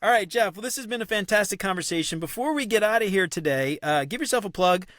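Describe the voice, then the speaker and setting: Fast-talking upbeat male host. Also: high-pitched, lively intonation, fairly bright tone, no echo. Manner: upbeat, quick, chatty with stammered restarts. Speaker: podcast host. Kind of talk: casual conversational interview.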